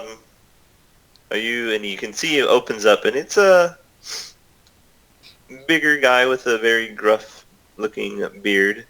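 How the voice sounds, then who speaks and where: A man voicing a big, bearded, gruff male sailor who rambles and chuckles while scheming. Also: fairly low pitch, pushed and bright, rough recording.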